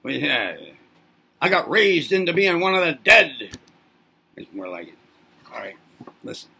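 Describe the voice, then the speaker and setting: A man's voice: on the high side, sing-song, a little slow, vocal fry, bright, forceful tone, husky. A man hosting a self-help channel, speaking in a playful monologue to camera as if to babies. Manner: teasing, talks as if to babies.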